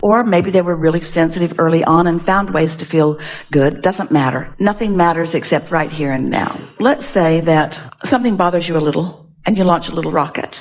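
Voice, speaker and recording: A woman's voice: on the low side, moderate pace. A woman giving a live seminar talk, speaking emphatically to an audience member, repeating phrases and asking rhetorical questions. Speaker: spiritual teacher at a workshop.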